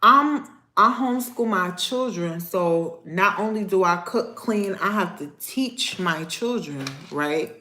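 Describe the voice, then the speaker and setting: Young woman livestream host, animated and sassy, unhurried delivery, echoey room. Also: medium pitch. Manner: animated, sassy, talks straight to viewers. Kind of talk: casual livestream rant.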